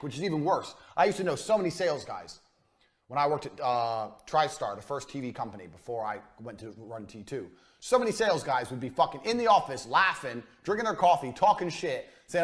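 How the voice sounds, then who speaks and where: A man's voice: on the high side, animated, brisk. A man giving a business course lecture, talking bluntly and commandingly and swearing often. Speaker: business coach.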